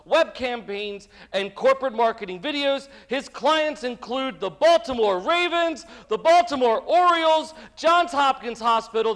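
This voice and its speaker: A man acting as the event emcee, reading a speaker's introduction to a live audience. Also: extremely high pitch. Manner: reads the bio, then shouts out the local group. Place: arts center stage before a live audience.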